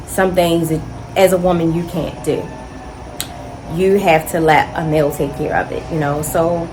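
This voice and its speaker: A woman's voice: low voice, low-quality recording. A woman vlogger, a single mother, recounting a personal story in an emotional, emphatic, conversational way. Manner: emotional, emphatic, repeats words for stress; conversational, many "you know" fillers.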